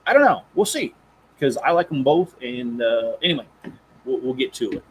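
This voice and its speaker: A man's voice: medium pitch, moderate pace, a little hiss or hum, low-quality recording. Rambling man chatting on a live stream. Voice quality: rambling, self-correcting, chuckles while reading. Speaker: Lego channel host. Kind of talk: casual live-stream chat.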